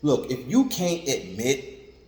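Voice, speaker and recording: Slow and sing-song, a man with a medium-pitched, darkish voice preaches informally. His sermon is conversational and repetitive, sprinkled with "like" and "you know what I'm saying," and the echoey room adds long reverb and faint ambience.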